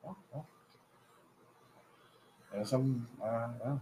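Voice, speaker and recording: A man's voice: medium pitch, very slow, warm tone, rough recording. A young man talking casually on a podcast, laid-back and understated, often restarting his sentences. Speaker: podcast co-host. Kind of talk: casual chat.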